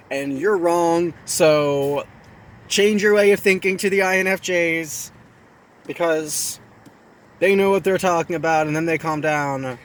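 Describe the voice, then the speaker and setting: A man with a fairly high voice hosts a casual chat to camera. He talks in a chatty, self-mocking way and drives points home by repeating phrases. Faint traffic hums behind him. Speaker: video host. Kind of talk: casual talk to camera with his partner.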